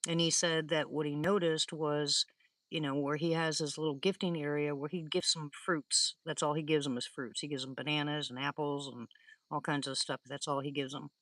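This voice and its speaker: An older woman hosts a live stream in a low, steady, fairly bright voice at a moderate pace, recorded dry. She rambles through stories as she chats with viewers, laughing frequently.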